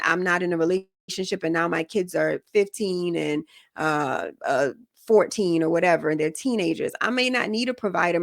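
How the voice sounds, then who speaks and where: A woman's voice: lowish voice, no room sound, studio quality. A woman hosting a podcast, giving relationship advice in a frank, casual way and often checking that listeners follow her. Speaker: podcast host.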